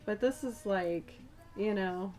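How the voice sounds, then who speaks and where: A woman's voice: medium pitch, takes it slowly, darkish tone. Musing woman tarot reader. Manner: musing, addresses the listener directly. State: slightly losing her voice. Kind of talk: channeled tarot reading. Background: background music.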